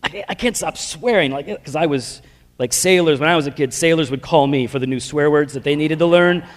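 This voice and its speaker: A man's voice: fairly high pitch, brisk. A man preaching his personal testimony in a casual, self-deprecating storytelling way, full of slang fillers. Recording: long reverb of a large hall.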